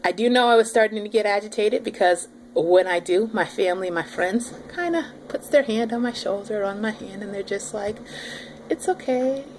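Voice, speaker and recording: A pregnant woman in her thirties talks straight to her viewers in a casual vlog and tells a story with lively emphasis. Her voice sits in a middle register for a woman, with a faint hum of room ambience behind it. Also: mid-range voice, fairly quick, few pauses. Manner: animated, talks with her audience directly. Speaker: vlogger.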